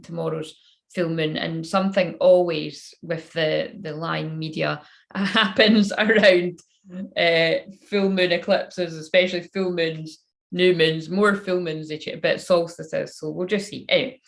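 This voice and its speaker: A chatty woman with a lowish, gravelly voice runs a casual live-stream card reading. She rambles and keeps breaking off mid-thought as she talks. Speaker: oracle card reader and spiritual counsellor.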